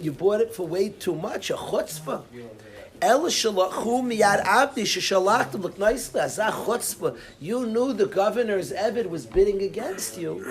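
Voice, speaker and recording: A rabbi teaching a lecture class, telling a story and explaining each source line while often repeating and restarting his phrases. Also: high-pitched.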